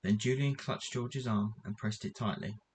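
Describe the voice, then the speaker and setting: A man reading a children's adventure book aloud in an even, measured way. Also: fairly low pitch, a little hiss or hum. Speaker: reader.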